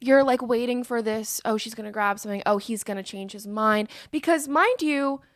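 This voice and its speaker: A woman's voice: a little high, moderate pace, dry recording, studio quality. A woman co-hosting a casual film recap podcast, retelling scenes with animation and acting out the characters' lines. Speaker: podcast co-host.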